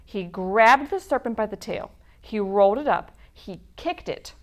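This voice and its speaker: Woman, library storytime reader, picture book aloud, expressive, slow. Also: medium pitch.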